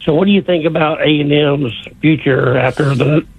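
A man with a gravelly voice, pitched a bit high, calls a sports show with friendly, casual questions. He comes through a tinny, phone-like line with a dry sound. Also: moderate pace. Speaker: caller. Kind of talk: sports radio call-in.

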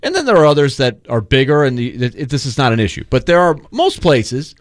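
A man's voice: medium pitch, a little fast, dry recording. A man co-hosting a sports radio show, chatting casually and rambling with lots of fillers from a studio. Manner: rambling, animated, full of fillers.

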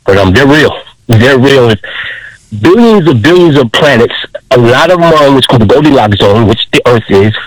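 A middle-aged man calling in to a radio show, telling a story in an earnest, emotional, halting way. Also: medium pitch, animated, no echo, rough recording. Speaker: caller. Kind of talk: phone-in story. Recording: dry call-in radio audio.

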